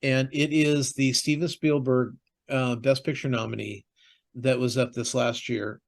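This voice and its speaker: A man's voice: mid-range voice, little pitch movement, unhurried, creaky. A man co-hosting a podcast, chatting casually about TV shows and movies, rambling with lots of fillers and restarts. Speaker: podcast co-host.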